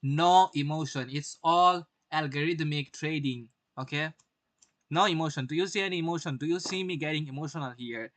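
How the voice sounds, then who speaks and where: A man's voice: a little high, a little fast, few pauses, fairly bright tone, no room sound. A young man doing live-stream market commentary, brash, swearing often and firing rhetorical questions at his viewers.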